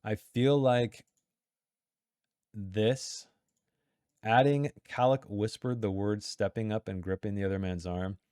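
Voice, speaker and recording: A man's voice: fairly low pitch, steady tone, slow, long pauses, darkish tone, clear, resonant tone, dry recording, studio quality. A man talking through editing notes in a casual, chatty way, breaking off mid-sentence and reading passages aloud. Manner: chatty, self-interrupting, reads passages aloud. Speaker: writer giving editing critique. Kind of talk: casual critique reading from a text.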